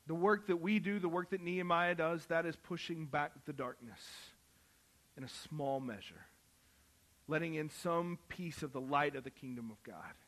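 A man preaching a sermon, moving from quiet Bible reading to loud, impassioned calls. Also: a little high, lively intonation, normal speed. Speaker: pastor.

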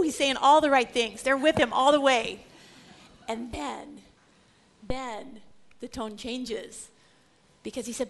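A woman Bible teacher giving an animated lecture, swinging between loud exclaiming and hushed whispers. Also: high voice, slow, pauses often, a little hiss or hum.

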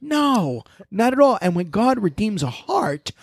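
A man's voice: high voice, unhurried, creaky, breathy edge, dry recording. A man who is a pastor telling personal stories in a conversational panel discussion, acting out both sides of the exchanges he recounts. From United States. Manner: storytelling, animated, quoting exchanges.

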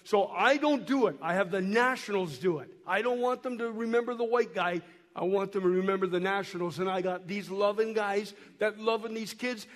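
A high-voiced man speaks to a church in a folksy storytelling way, stumbling over and repeating his words as he shows photos. He is hoarse from a cold. His voice carries a long echo through the church hall. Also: brisk. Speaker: missionary guest speaker. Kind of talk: storytelling talk to a church while showing photos.

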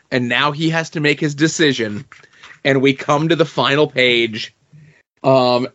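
A man co-hosting a podcast, discussing a comic book issue in a measured, analytical way. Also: fairly high pitch, a bit bright, muffled recording. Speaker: podcast co-host.

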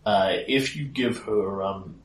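A man narrates a tabletop game as game master, explaining things calmly. His voice sits at a middle pitch, sounds roomy and a little distant, and there is faint noise behind it. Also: slow. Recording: echoey room, mic at a distance.

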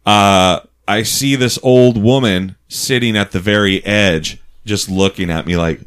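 Storytelling guy, fairly low voice, swears a lot and laughs, comic anecdote. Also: a little slow, clean tone. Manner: animated, profane, laughs often.

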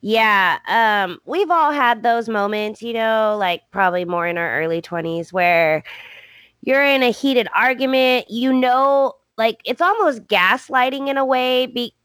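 A woman's voice: fairly high pitch, unhurried, a bit bright, dry recording. A woman co-hosting a podcast, recapping a soap opera in a casual, joking way with many fillers. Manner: chatty, joking, with frequent fillers. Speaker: podcast co-host.

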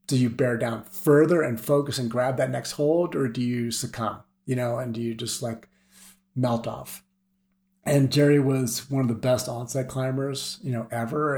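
Guy telling climbing stories on a podcast, casual, animated, laughs a bit, middle pitch. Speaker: guest climber. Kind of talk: casual storytelling.

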